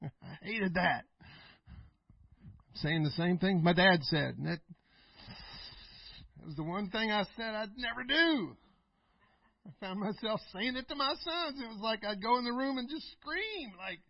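A middle-aged male pastor preaching a folksy sermon, laughing often and swinging between loud and quiet. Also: sits high, a little slow, creaky, long pauses, dry recording, highs cut off.

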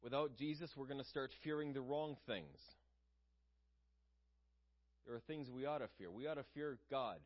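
A man's voice: mid-range voice, moderate pace, pauses often, lo-fi sound. A man preaching a sermon in an earnest, conversational way, asking his listeners questions.

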